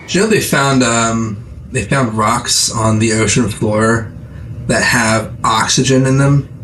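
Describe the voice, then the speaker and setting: Young male co-host, mid-range voice, teasing and jokey, relaxed chat. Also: medium pitch, unhurried, a little hiss or hum, low-quality recording. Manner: joking, teasing, laughs often. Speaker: podcast co-host. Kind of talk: casual chat.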